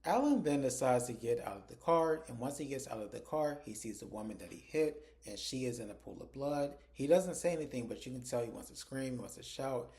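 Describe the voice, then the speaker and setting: Mellow-voiced man recapping a TV episode. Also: mid-range voice, expressive, fairly quick, hardly any pauses. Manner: retells scenes conversationally, acting out characters' lines. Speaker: TV episode reviewer. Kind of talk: casual spoken episode recap.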